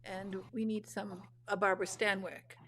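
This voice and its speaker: A woman's voice: medium pitch, level tone, normal speed, a bit bright, slight background noise. A woman hosting an interview, talking in an emphatic, opinionated way with frequent restarts. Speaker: host. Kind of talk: casual interview chat.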